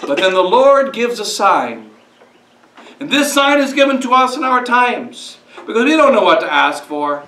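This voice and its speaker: A priest giving a sermon in a conversational preaching style, asking rhetorical questions. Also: male voice, very high-pitched, sing-song, moderate pace, sharp tone. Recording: roomy echo, speaker far from mic.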